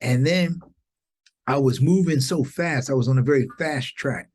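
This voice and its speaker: A man in his fifties, a podcast guest, telling an inspirational story in an animated, preacher-like way, often jumping up in pitch for exclamations. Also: normal speed.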